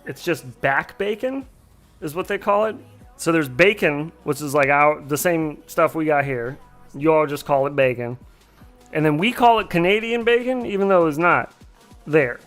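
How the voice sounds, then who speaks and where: A man's voice: on the high side, normal speed, a bit bright, faint music behind. A man casually chatting on a live stream, rambling and joking as he reacts to chat. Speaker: streamer hosting a drone flight sim stream.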